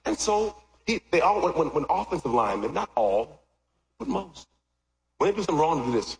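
A middle-aged man preaching a sermon, swinging from loud shouts to quiet asides. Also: fairly quick, creaky. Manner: animated, jumps from loud shouts to low asides. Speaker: pastor. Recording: echoey hall with long reverb.

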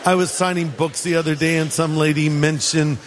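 High-voiced preacher in a reverberant hall. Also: male voice, little pitch movement, brisk, a little hiss or hum. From California. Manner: conversational, joking asides. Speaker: pastor. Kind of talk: sermon.

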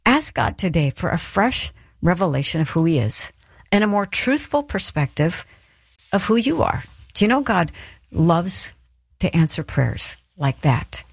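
A woman's voice: on the low side, very animated, unhurried, creaky, husky, no echo, studio quality. A woman telling a personal story and then giving an earnest, encouraging devotional talk. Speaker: Christian speaker. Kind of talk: devotional teaching.

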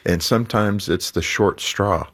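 A man's voice: lowish voice, unhurried, a bit bright. A man hosting a Christian radio talk show, earnestly encouraging listeners to pray and get in touch.

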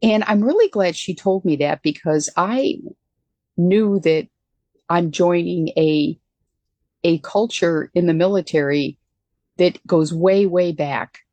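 Older woman telling a relaxed story. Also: on the low side, takes it slowly, dry recording. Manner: relaxed, chatty, with self-corrections. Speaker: guest, former military pilot. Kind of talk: anecdotal storytelling interview.

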